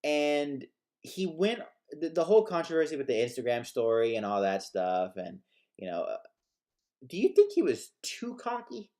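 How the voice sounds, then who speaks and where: A man co-hosting a casual sports talk show, animated and given to stammered restarts. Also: a little high, moderate pace. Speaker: sports podcast co-host.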